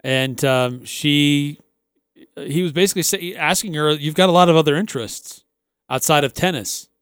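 A man's voice: on the high side, normal speed, smooth, no room sound, studio quality. A man co-hosting a sports talk radio show, chatting casually and recounting stories. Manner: relaxed, conversational, recounting stories.

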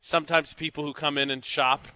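A man's voice: on the high side, flat delivery, brisk, bright, forceful tone, no echo. A young man hosting a morning radio show, telling stories in a joking, chatty way from the studio. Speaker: radio host. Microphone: studio mic.

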